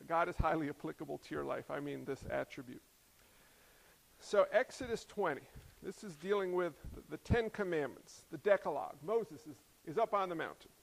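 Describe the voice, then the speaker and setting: Man, pastor, high voice, casual joking sermon, long hall reverb. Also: gravelly. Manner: conversational preaching with humorous asides.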